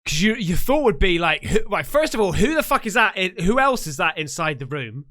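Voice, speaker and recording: A man reacting to a horror story video in a casual, excitable way, swearing often and chatting in quick asides. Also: sits high. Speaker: YouTube reactor.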